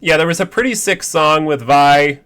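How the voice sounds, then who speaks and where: A man's voice: on the high side, normal speed, a bit bright. A man co-hosting a casual chat, easygoing and agreeable as he recaps the story. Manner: easygoing, agreeable, lots of fillers. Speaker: podcast co-host.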